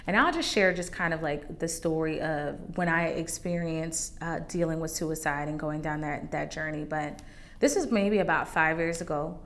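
With a low-pitched voice at a moderate pace, this podcast host talks openly about her personal testimony on a faith podcast. The delivery is conversational and turns emotional at times.

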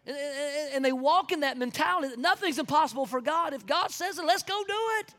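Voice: sits high, expressive, a little fast, a bit bright, big-room sound. A pastor with a Southern US accent preaching a sermon with folksy asides and sudden whoops of joy.

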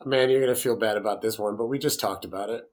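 A man hosting a casual podcast, running a movie quote quiz with animated readings. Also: lowish voice, fast talker. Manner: reads movie quotes in exaggerated impressions. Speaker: podcast host.

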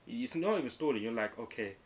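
A young man in casual banter, animated and slangy, often slipping into quoted voices. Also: lowish voice, a loud crowd. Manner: quick and animated, slangy, breaks into put-on quotes. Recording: slightly dull recording with faint hiss.

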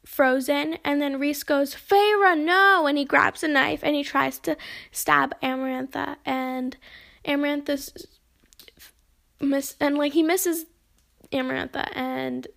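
Brief: young woman, high voice, gravelly fry, chatty plot recap. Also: level tone, measured pace, a bit bright. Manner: chatty retelling, acts out quoted lines. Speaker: book discussion host.

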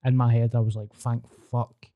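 A man's voice: mid-range voice, little pitch movement, moderate pace, dark tone. A man with a Scottish accent, chatting casually and swearing as he tells personal anecdotes. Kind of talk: casual chat, storytelling.

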